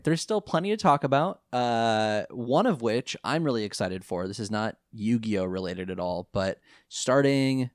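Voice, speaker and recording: A man's voice: mid-range voice, expressive, unhurried, few pauses, no echo, clean studio sound. A young man co-hosting a casual podcast, chatty and laughing often. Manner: chatty, laughs often, fake British voice in the intro. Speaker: podcast co-host.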